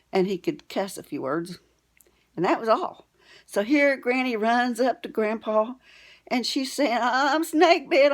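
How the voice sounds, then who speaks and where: An older woman and great-grandmother tells childhood stories to her viewers in a plain-spoken, homespun way. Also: on the high side. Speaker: storytelling vlogger. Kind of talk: folksy storytelling to camera.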